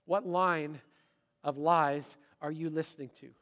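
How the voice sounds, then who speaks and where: A middle-aged man preaching a sermon, dramatic, voicing inner thoughts aloud and swinging from loud to hushed. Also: fairly high pitch, fairly even intonation, measured pace. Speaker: pastor. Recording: hall reverb.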